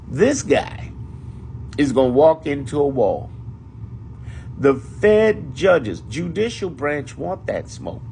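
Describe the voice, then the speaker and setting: A man's voice: on the high side, very animated, measured pace, creaky, pauses often, slight background noise. A man giving casual political commentary, emphatic and profane, repeating his points for effect.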